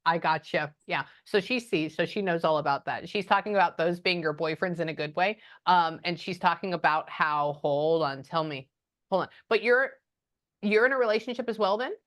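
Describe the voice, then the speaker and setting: A woman giving a casual spoken reading as a psychic medium, often pausing and muttering "hold on" while she thinks. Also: on the low side, fairly bright tone.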